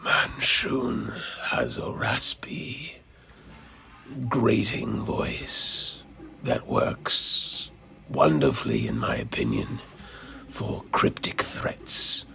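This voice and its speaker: Raspy, grating villain wizard, slow, gravelly half-whisper. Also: male voice, fairly low pitch, huge pitch swings, bright, forceful tone, full character voice. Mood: menacing. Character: menacing male villain wizard, cryptic.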